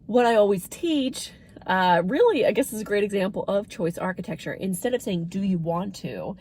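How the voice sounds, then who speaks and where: A woman's voice: medium pitch, lively intonation, a little fast, darkish tone. A woman talking casually as a dementia care educator, chatty and lifting her voice when she acts out what people say. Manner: chatty, acts out quoted phrases in a lifted voice.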